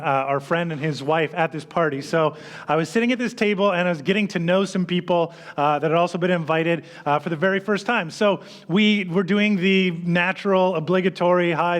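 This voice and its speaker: Higher-voiced man giving a conversational sermon. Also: fairly quick. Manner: conversational storytelling, self-deprecating. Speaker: pastor.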